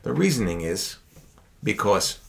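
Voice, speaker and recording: Man, podcast co-host, low voice, very animated storytelling. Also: unhurried, gravelly. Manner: animated storyteller acting out quoted people. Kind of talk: casual storytelling chat.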